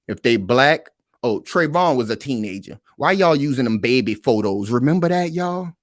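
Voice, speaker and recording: A man speaking who hosts a reaction commentary, pausing a news clip and arguing his points emphatically while speaking straight to his viewers. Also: mid-range voice, animated, no echo, clean studio sound. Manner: emphatic, repeats points, talks to viewers as "y'all".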